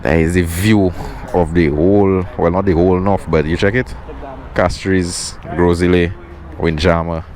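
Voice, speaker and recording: Deep-voiced Saint Lucian moto vlogger. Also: male voice, fairly even intonation, measured pace, darkish tone. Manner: chatty, slangy, addresses viewers as doggy. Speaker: motovlogger. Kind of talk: casual vlog commentary. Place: outdoors at a roadside viewpoint. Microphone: helmet-mounted action camera.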